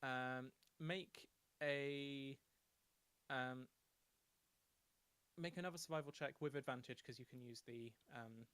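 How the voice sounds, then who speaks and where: A man narrating a tabletop game as game master, in a relaxed, rambling way with many fillers and restarts. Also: mid-range voice, slow, pauses often, clean tone, no room sound.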